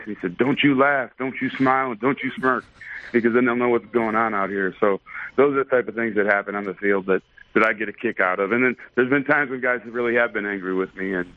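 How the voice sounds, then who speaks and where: A man, a baseball umpire, telling stories in a relaxed, thoughtful way with many fillers during a radio interview. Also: lowish voice, no echo. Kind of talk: casual storytelling in a radio interview. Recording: dry phone line.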